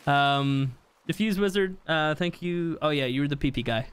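A man's voice: a little high, normal speed, clear, resonant tone. A young man hosting a live game stream, chatting casually and reading viewer comments aloud with easy laughs. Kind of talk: casual live-stream chat while gaming.

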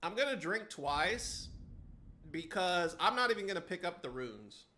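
A man's voice: high-pitched, big pitch swings, unhurried, bright, forceful tone, slight background noise. A young adult man streaming a game live, trash-talking and teasing his chat with a lot of swearing. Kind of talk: live-stream gameplay commentary.

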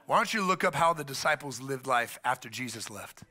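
A middle-aged man preaching a sermon as pastor, animated, often acting out the voices of the people he quotes. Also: mid-range voice, brisk.

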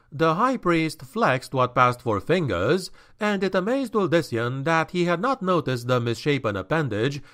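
A man narrating a dark fantasy novel in a slow, dramatic and expressive audiobook reading. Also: fairly high pitch.

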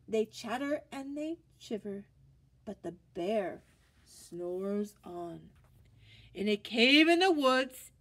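Slow, animated woman reading a picture book. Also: mid-range voice. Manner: animated, asks children questions, gasps. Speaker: storyteller reading to children.

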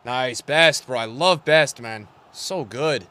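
A man's voice: mid-range voice, slow pace, bright, forceful tone. A young man streaming live gameplay and talking to his chat, frustrated and trash-talking as he plays.

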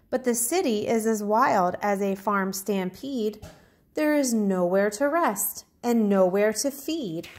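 A woman kindergarten teacher reading a picture book aloud to young children, talking clearly and encouragingly. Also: medium pitch. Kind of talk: storybook read-aloud lesson for children.

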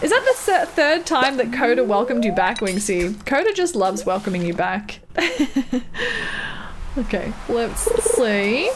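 A woman's voice: a little high, very animated, measured pace, very noisy. A woman streaming a game, chatting casually with her viewers and laughing often. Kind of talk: casual live-stream chat while gaming.

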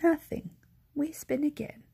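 A fussy, kindly old grandmother fussing over her guest in a whispered role-play, put on by a woman reading a storybook. The voice sits a little higher than the reader's own, hushed and gravelly. It stays slow and chatty throughout. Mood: cheerful. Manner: soft, doting and chatty.

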